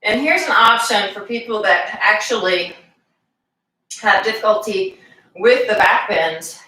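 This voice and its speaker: A woman fitness instructor leading a live exercise class, calmly giving cues and counting reps aloud. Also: medium pitch, unhurried. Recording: echoey room, voice from far off.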